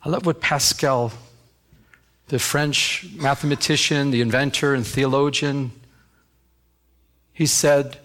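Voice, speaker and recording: A man's voice: mid-range voice, steady tone, slow pace, long pauses, a bit bright. A man preaching a sermon as pastor, telling a personal story and building to fervent, emphatic preaching.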